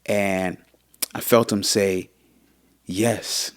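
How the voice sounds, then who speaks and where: A man's voice: lowish voice, normal speed, no room sound, studio quality. A man in his thirties co-hosting a casual chat, earnest and repeating phrases for emphasis. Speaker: podcast co-host.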